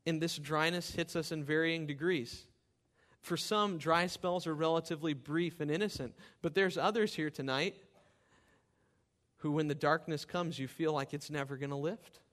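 A man's voice: fairly even intonation, moderate pace, fairly bright tone. A man preaching a sermon, reading scripture with fervent, rising emphasis and then explaining it to his church. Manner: impassioned scripture reading, rising in pitch and volume. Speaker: pastor.

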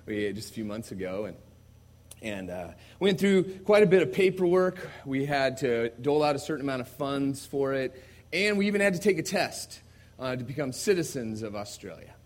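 An American man, a visiting missionary, preaching a sermon to a congregation in a conversational storytelling way, moving from quiet asides to loud emphatic passages. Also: mid-range voice, very animated, normal speed. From United States. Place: church service before a congregation.

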